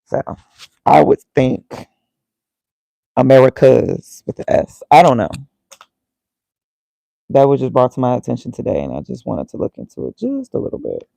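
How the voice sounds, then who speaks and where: Gravelly man muttering to himself. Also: mid-range voice, wildly swooping pitch, moderate pace, long pauses, dark tone, no room sound, low-quality recording. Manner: muttering, reads aloud and reacts to himself. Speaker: vlogger. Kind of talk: casual thinking aloud while reading.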